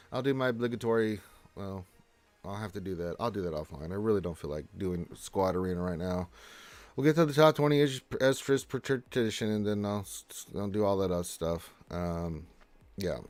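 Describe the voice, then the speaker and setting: A man's voice: on the low side, dry recording. A man hosting a gaming livestream, casually reading viewer messages aloud and answering them in a laid-back way. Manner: laid-back, reads chat aloud in a lifted voice. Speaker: livestream host reading chat.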